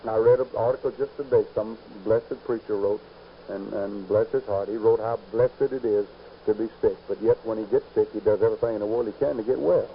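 A man preaching a sermon, emphatic and rising to loud peaks on key points. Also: lowish voice, steady tone, fairly quick. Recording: dull lo-fi recording with faint hiss.

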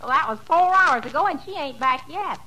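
A giggly naive country gal. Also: female voice, high voice, animated, fairly quick, sharp tone, rough recording. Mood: folksy. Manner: folksy, wide-eyed, giggly. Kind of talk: 1940s radio comedy acting.

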